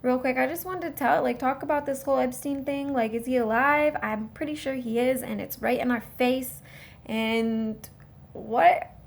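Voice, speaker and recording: A woman's voice: high voice, brisk, creaky, few pauses. A woman vlogger telling a rambling personal story straight to her viewers in a casual way.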